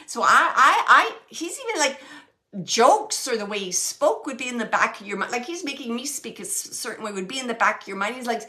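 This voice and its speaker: A woman giving a spirit reading as a medium, rambling and halting with many fillers and frequent laughs. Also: fairly high pitch, animated, sharp tone.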